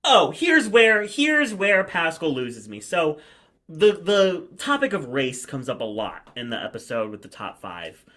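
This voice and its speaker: A man co-hosting a podcast in casual chat, animated and quick to mimic the people he talks about. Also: fairly high pitch. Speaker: podcast co-host.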